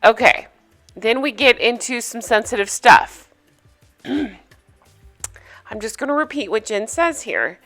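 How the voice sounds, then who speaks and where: A woman's voice: a little high, animated, takes it slowly, pauses often, a bit bright, faint music behind. A woman hosting a casual recap vlog, chatty and opinionated, sharing gossipy takes. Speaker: reality TV recap host.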